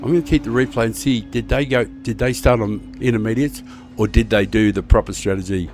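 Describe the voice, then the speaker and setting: With soft background music playing, an Australian man on a live stream chats through a racing game in a relaxed, rambling way, hesitating a lot. His voice is on the low side and fairly quick.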